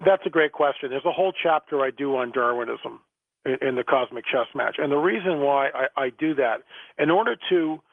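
A man's voice: mid-range voice, lively intonation, brisk, vocal fry, no room sound. A male guest author in a radio interview, talking emphatically and often repeating words, over a phone line.

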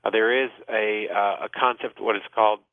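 A man with a fairly low voice answers callers as the doctor hosting a call-in radio show. He explains things at length and fills his pauses with "uh" and "you know." The sound is dry and narrow, like a phone line. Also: fairly even intonation, dry recording. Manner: explanatory, many "uh" fillers.

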